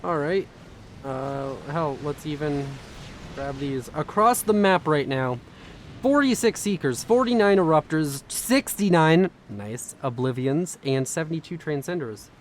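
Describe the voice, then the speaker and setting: A tired young man casts a strategy game in quick, chatty, self-mocking commentary. His voice sits a little high for a man. A faint hiss runs under the recording. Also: expressive. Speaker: game caster.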